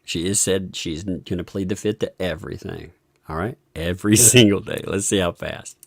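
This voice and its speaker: A woman's voice: rumbling low, moderate pace, creaky, dry recording, clean studio sound. A woman giving casual live reaction commentary on a court video, often breaking into fits of laughter. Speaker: livestream commentator.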